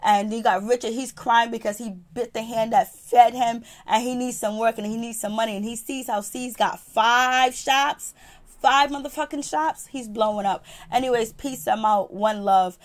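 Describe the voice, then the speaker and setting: A woman reviewing a reality TV episode in a profane, animated, casual storytelling style. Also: fairly high pitch, moderate pace. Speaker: TV show reviewer.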